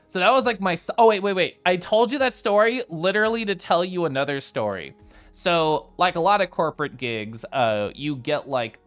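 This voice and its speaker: Rambling streamer chatting over faint music. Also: mid-range voice. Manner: rambling, animated storytelling with frequent fillers and mock outrage. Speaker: livestreamer. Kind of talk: casual chat with a live stream chat.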